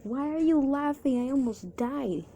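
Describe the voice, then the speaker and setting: A woman's voice: medium pitch, animated, a little slow, dark tone, slight background noise, pitched above the performer's own voice, natural voice. A woman voicing the flustered listener girl at camp, protesting and startled in a fan story. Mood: indignant.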